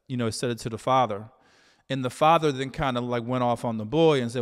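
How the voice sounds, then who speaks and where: Man coaching on relationships, smooth clear voice, slow thoughtful talk full of "you know", reverby room. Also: mid-range voice, steady tone. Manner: measured, reflective, many "you know" fillers. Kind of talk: solo talk to camera.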